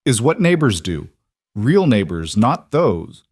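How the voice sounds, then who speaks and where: A man's voice: on the low side, very animated, slow, a little mellow, breathy edge, no room sound, clean studio sound, heavily acted. A man voicing a blunt elderly Norwegian farm wife. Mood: brisk. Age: older. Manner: blunt broken English.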